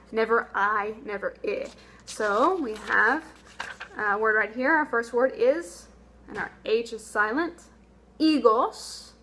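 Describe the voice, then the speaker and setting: A young woman teaching a language lesson in a bright, clear, slightly high voice. She explains patiently and draws out each example word, repeating it so learners can copy it. A faint hum of room noise sits under her voice. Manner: patient, explanatory, sounds out words slowly and repeats them. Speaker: Spanish teacher.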